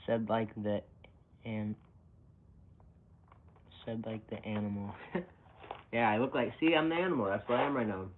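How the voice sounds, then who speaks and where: Low-voiced young man chatting on a tinny line. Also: normal speed, pauses often. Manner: rambling, self-mocking, chuckles often and reacts to chat. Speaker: streamer. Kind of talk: casual live-stream chat. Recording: tinny phone-like audio with faint hiss.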